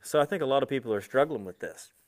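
A man preaching a sermon in a conversational way, slowing and stressing key words, then dropping softly on asides to his listeners. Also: medium pitch, expressive. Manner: slows and swells on key words, drops soft on asides; conversational, speaks directly to listeners.

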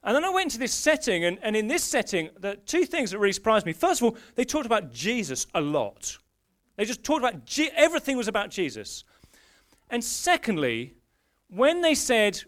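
A man preaching a sermon in a lively, conversational way, often restarting his phrases. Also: extremely high pitch, moderate pace.

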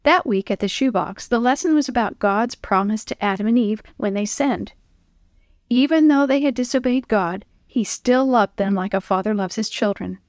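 Female storyteller, gentle scripted narration, higher voice, dry. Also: moderate pace, no echo.

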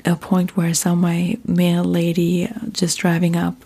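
Woman from Germany, German accent, whispered ASMR chat, breathy, dark mellow tone. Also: on the low side, unhurried. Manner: soft unvoiced whisper, relaxed and rambling. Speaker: vlogger.

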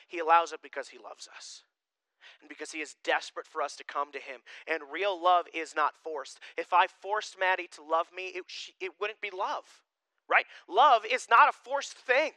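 A male pastor preaching a sermon, swinging between loud declarations and quiet asides. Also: sits high, moderate pace, dry recording, poor audio.

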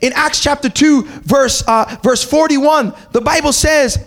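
A male pastor with an unusually high voice delivers an impassioned sermon. He leads call-and-response lines with the congregation and lifts into shouted, almost sung peaks between stretches of plainer teaching. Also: measured pace. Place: church hall with a congregation.

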